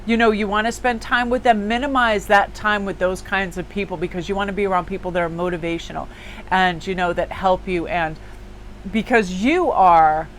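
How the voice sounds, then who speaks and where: Chatty tarot lady, talks emphatic w lots of "like"s, mid-pitched voice, faint bit of noise behind her. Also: moderate pace, poor audio. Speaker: tarot reader and small business owner. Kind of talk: casual daily tarot reading.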